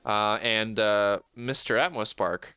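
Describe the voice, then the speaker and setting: A man's voice: on the low side, slow, pushed and bright, smooth, dry recording. A young man hosting a casual podcast, joking and rambling with lots of fillers. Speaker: podcast host. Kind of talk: casual chat.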